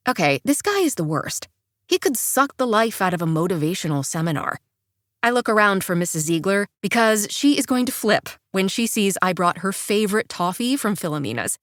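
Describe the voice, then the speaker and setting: A woman narrating a first-person romance audiobook in a chirpy, expressive way, with bright sing-song dialogue. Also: medium pitch, a little fast, dry recording, studio quality.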